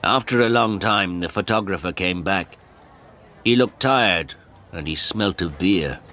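A man narrating a first-person story in a slow, plain reading style for English learners. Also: sits low, sharp tone.

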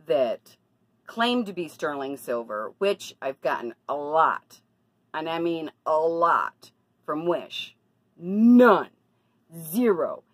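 Slow-talking woman vlogger, lively pitch. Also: no room sound, poor audio. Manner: chatty, confiding, indignant. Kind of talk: casual personal vlog.

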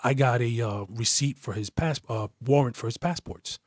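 Blunt New ex-cop telling a story. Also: male voice, medium pitch, normal speed, dry recording, clean studio sound. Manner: blunt, profane, acts out voices in his stories. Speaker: retired police detective. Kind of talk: casual storytelling interview.

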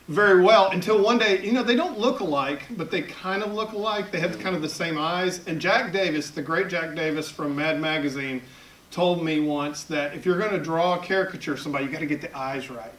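A man's voice: high-pitched, fairly bright tone, a little hiss or hum. Southern man talking in an echoey hall. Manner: chatty, self-deprecating humor. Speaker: editorial cartoonist giving a talk. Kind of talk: public talk to an audience. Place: event hall at a library. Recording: echoey hall, picked up from far off.

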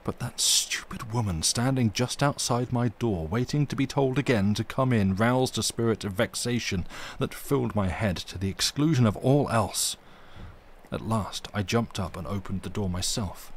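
A man reading a ghost story aloud on a live stream, with expressive, dramatic emphasis. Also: fairly low pitch, moderate pace, a little hiss or hum.

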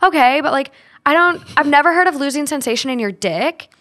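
Young woman host, very high bright voice, blunt, swears a lot, casual chat. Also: lively intonation, fairly quick. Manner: blunt, swears freely, lots of filler likes. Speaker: podcast host.

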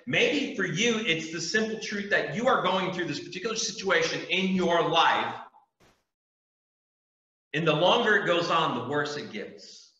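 Youth pastor, male, bright forceful voice, earnest preaching; echoey room, distant mic. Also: on the high side, expressive, a little slow, lo-fi sound. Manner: earnest, emphatic preaching with repetition. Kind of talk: youth group sermon.

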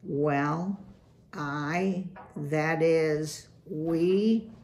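A woman voicing an earnest young female mouse who stammers and talks haltingly. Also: low-pitched, a little mellow, exaggerated voice. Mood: upset.

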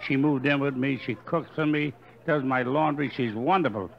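An older man doing stand-up comedy on a hotel stage, firing off quick deadpan one-liners into a stage microphone. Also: medium pitch, gravelly. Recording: dull live recording, faint room ambience.

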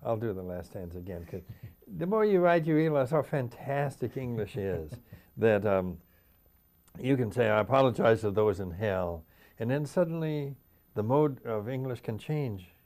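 This older poet guest has a mid-range, dark-toned voice with lively intonation and a moderate pace. In the interview he talks reflectively, then reads his own poetry aloud, going back over stanzas.

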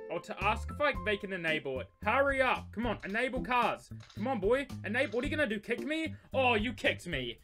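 A young man giving excitable gameplay commentary, breaking into loud yells and squealing laughter. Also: sits high, fairly quick, hardly any pauses, faint music behind. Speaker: gaming YouTuber.

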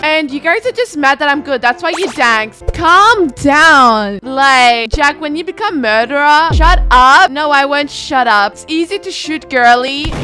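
A woman's voice: high voice, animated, measured pace, few pauses, pushed and bright, soft background music. A woman hosting a gaming video, giving playful, teasing let's-play commentary and reading the chat aloud.

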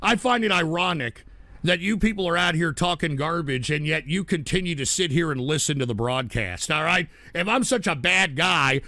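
Male stream host, angry profane ranter, bright high voice. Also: no echo. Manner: profane, heated, swings into shouting. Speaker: livestream host reading donation messages. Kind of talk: angry ranting livestream talk.

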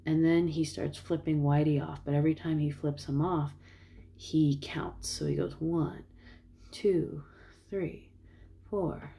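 A woman's voice: deep voice, little pitch movement, moderate pace, creaky, warm tone. A woman casually retelling a movie plot in a rambling way, with many fillers. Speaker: vlogger.

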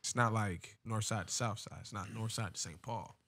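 A man's voice: fairly low pitch, steady tone, normal speed, fairly bright tone. A man from telling a long story on a casual podcast, rambling with lots of fillers and slang. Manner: rambling, many "you know" fillers, slangy. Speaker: podcast co-host.

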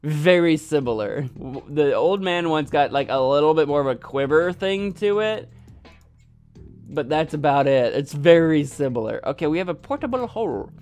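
A man's voice: on the high side, animated, normal speed, a little mellow, soft background music. A man casually narrating his own gameplay, rambling and joking at himself. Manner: rambling, self-mocking. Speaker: gaming video host. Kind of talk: let's-play commentary.

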